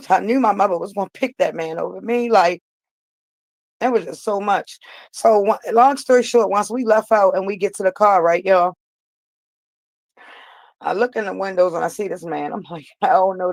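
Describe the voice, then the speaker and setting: A woman's voice: mid-range voice, no room sound, rough recording. A woman vlogger telling a personal story straight to her viewers, emphatic and repeating herself for weight.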